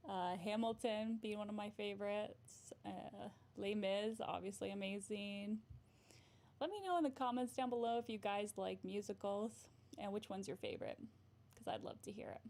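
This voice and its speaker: A woman's voice: medium pitch, normal speed, vocal fry, darkish tone. A woman therapist hosting a casual livestream, chatting in a bubbly way, often giggling and answering her viewers' comments.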